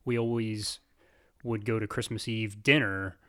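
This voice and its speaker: A man's voice: lowish voice, steady tone, measured pace, fairly bright tone, clean tone. A young man in casual chat, an easygoing storyteller who laughs often.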